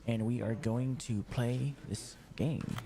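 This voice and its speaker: A man's voice: medium pitch, steady tone, slow pace, creaky, dark tone. A man hosting a livestream in casual chat, rambling, swearing and mocking himself. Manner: rambling, profane, self-mocking. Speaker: livestream host. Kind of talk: casual game stream chat.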